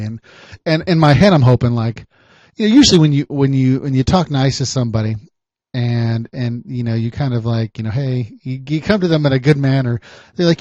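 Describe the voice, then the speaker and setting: A man hosting a podcast, a private investigator telling a story in a chatty, animated way. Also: medium pitch, fairly quick, no room sound, lo-fi sound. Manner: animated, chatty, laughs often.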